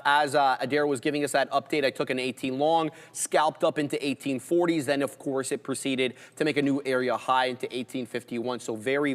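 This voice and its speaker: A man co-hosting a live trading stream, calling prices and chart levels in casual, excited commentary. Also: mid-range voice, long reverb tail. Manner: excited, rapid ticker and price call-outs.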